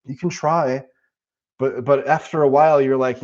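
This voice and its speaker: A man's voice: mid-range voice, fairly even intonation, normal speed, darkish tone, lo-fi sound. A man live-streaming and answering chat in a casual, profane, rambling way, talking about spiritual ideas.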